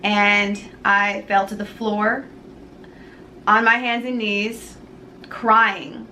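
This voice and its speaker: A woman earnestly telling a personal faith story to the camera, halting and pausing often. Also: medium pitch, level tone, pushed and bright, a little hiss or hum, rough recording. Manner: earnest, halting, with many pauses. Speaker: jewelry maker sharing a personal story.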